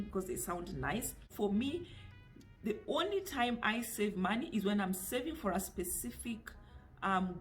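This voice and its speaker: A woman from Kenya with a Kenyan accent, talking casually to camera as a finance vlogger, chatty and direct, now and then dropping in Swahili phrases. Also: medium pitch. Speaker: personal finance YouTuber.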